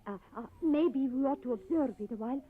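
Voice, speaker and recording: A woman's voice: high voice, a little fast, close to an everyday voice. An actress playing a nervous young woman rocket pilot with a Russian accent, who talks hesitantly, stammering and formal. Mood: frightened. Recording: muffled old film audio.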